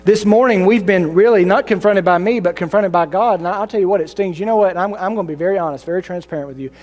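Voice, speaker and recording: A high-voiced man preaches in a church sanctuary, his words trailing off into a long hall reverb. He dramatizes the congregation with mocking, raised voices, then drops low and solemn for the reply. Between points he jokes about himself. A faint mains hum sits underneath. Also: fast, darkish tone. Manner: self-deprecating humor with laughs. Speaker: pastor. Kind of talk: sermon.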